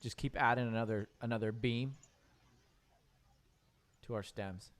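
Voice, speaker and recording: A man leads a beginner piano class in a playful, teasing way, with a voice of middle pitch. He jokes with his students as he explains rhythm and rests. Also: fairly even intonation, a little slow. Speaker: piano teacher.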